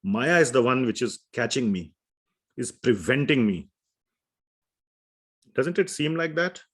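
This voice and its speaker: A man's voice: mid-range voice, lively intonation, a little slow. A man teaching a scripture class in a conversational way, often asking his students questions and telling stories. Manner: conversational, asks the class questions, tells anecdotes.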